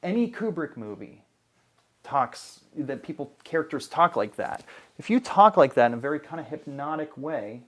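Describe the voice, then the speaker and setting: Man, trainer, casual session, lively, restarts often. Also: on the high side, moderate pace.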